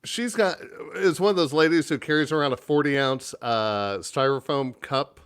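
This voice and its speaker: A man's voice: a little high, moderate pace, clean tone. A man co-hosting a podcast, telling a rambling story in casual chat and swearing freely. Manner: animated storyteller, swears, shouts mock-outraged quotes. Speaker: podcast co-host.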